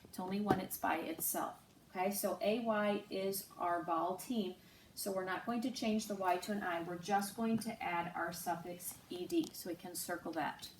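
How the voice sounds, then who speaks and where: A woman teacher giving a slow, patient online phonics lesson, spelling out letters and sounds. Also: medium pitch, steady tone. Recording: roomy, distant mic with faint noise.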